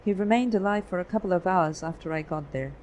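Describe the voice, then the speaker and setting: Woman reading calm guarded photographer man, measured telling, low-ish voice, faint background hiss. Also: lightly acted, rough recording. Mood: earnest. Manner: measured, explanatory storytelling.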